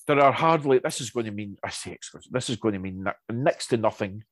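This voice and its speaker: A man chatting casually and telling anecdotes, lively, with many restarts and asides. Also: on the low side, a little fast, dry recording. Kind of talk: casual chat.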